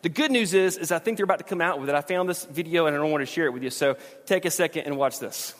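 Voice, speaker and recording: A man from preaching a sermon, self-deprecating and halting, with repeated restarts. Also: on the high side, fairly bright tone. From southern Alabama. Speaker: pastor. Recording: long reverb of a large hall.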